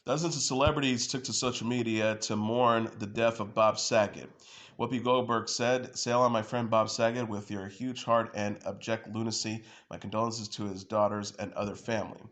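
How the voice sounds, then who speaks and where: A man with a somewhat low voice hosts an entertainment news report. He reads headlines and quotations in a plain delivery. He stumbles now and then, filling gaps with "uh" and restarting words. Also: steady tone, moderate pace, a bit bright. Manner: reads news and quotes with frequent uh fillers and restarts.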